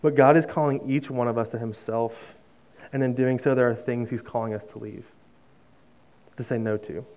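A young man preaching in a smooth, resonant voice at an ordinary middle pitch. He talks earnestly and conversationally, restarting his phrases, and sinks to a near-hush on heartfelt lines. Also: fairly even intonation, moderate pace. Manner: drops to a soft hush on emotional lines. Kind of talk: sermon with personal story.

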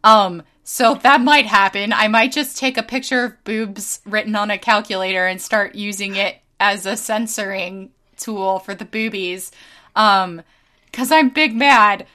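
A woman co-hosting a casual chat podcast, swearing freely and ranting with low energy, full of fillers and halting restarts. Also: steady tone, sharp tone. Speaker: podcast co-host.

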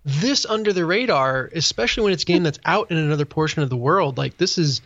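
A man on a casual tech podcast explains things at length, filling pauses with ums and restarts. His voice sits a bit high for a man. The audio is dull and muffled in a dry, close setting. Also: expressive, fairly bright tone, no echo. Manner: rambling, explanatory, many fillers. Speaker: podcast co-host.

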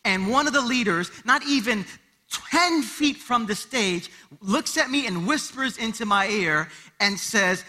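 A man's voice: very high-pitched, measured pace. A man in his thirties preaching a sermon in church, telling family stories and acting out the voices. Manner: animated storytelling, acting out voices and cries. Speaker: pastor.

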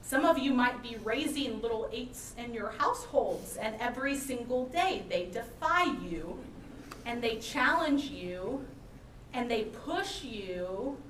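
High-voiced woman pastor preaching. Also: slow, echoey room, recorded from a distance, a little hiss or hum, low-quality recording. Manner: lively, dramatic storytelling, chuckling. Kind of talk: sermon. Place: church sanctuary.

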